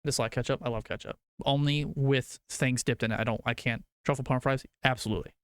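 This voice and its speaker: A young man streaming to his chat, rambling through food debates and cursing casually. His voice is smooth and clear, recorded dry and close on a desk mic. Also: medium pitch, steady tone, quick pace, dry recording. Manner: rambling, swears casually, argues food opinions.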